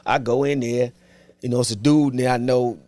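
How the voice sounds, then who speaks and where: Animated man telling his story, dry sound. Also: medium pitch, fairly quick, no room sound. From Washington, DC. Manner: animated storyteller who acts out other people's words; relaxed street slang. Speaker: podcast guest. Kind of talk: casual storytelling interview.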